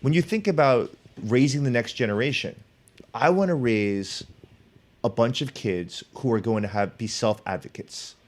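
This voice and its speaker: Middle-aged male guest, animated storyteller, average pitch, mimics the people he quotes. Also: normal speed. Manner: animated, acts out quoted people in his stories. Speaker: author and professor, podcast guest. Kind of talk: storytelling in conversation.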